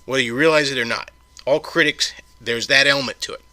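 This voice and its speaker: A man's voice: medium pitch, steady tone, fast, sharp tone, no room sound. A man hosting his own podcast, delivering a heated, profane solo rant full of stumbling restarts. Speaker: podcast host.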